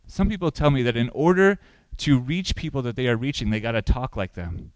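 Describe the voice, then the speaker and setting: A man's voice: mid-range voice, expressive, fairly quick, no room sound, low-quality recording. Male pastor, sermon delivery, questioning and emphatic, dry close recording. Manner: asks the congregation questions, rising for emphasis.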